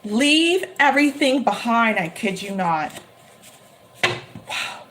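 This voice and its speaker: A high-voiced woman doing a live-streamed tarot reading. She is emphatic and excitable and repeats her lines over and over, with faint noise behind her. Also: slow pace. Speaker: tarot reader.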